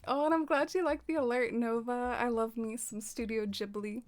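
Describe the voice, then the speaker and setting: A soft-spoken woman streaming and chatting casually with her viewers. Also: on the high side, fairly even intonation, moderate pace, faint music behind. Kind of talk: casual livestream chat.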